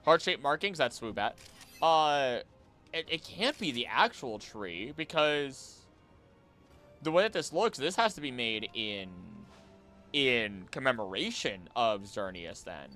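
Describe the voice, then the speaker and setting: Animated male gaming streamer. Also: mid-range voice, a little slow, faint music behind. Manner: animated and jokey, talks to the creatures on screen. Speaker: streamer and voice actor. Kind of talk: casual live-stream gaming chat.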